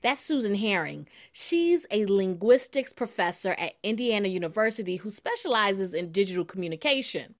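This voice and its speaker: A woman's voice: medium pitch, animated, normal speed, hardly any pauses. A woman hosting a radio news program, reading scripted segments and chatting cheerfully during a word puzzle. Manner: upbeat, laughing easily. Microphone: studio microphone.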